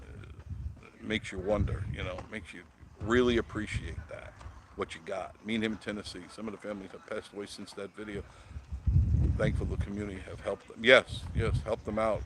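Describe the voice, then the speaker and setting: A man hosts a casual live stream, telling rambling stories, chuckling often and answering viewer comments. His voice is fairly low and steady, a little fast, with audible background noise in the recording.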